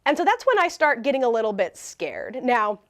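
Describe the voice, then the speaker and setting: Woman, storytime vlog, animated, laughs while telling, high voice, lively pitch. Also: a little fast. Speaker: vlogger.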